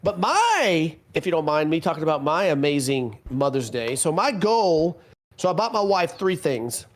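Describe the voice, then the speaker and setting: A man's voice: a little high, big pitch swings, moderate pace. A middle-aged man co-hosting a casual podcast, rambling through stories with self-mocking asides. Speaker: podcast co-host.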